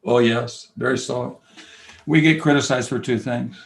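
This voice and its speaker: An older man, a basketball coach and camp founder, talking as an interview guest, telling stories and acting out quoted dialogue, from loud to whispering. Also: mid-range voice, a little slow, creaky, rough recording. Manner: animated storyteller, acts out quoted dialogue, swings from loud to whispering. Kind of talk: conversational interview, storytelling.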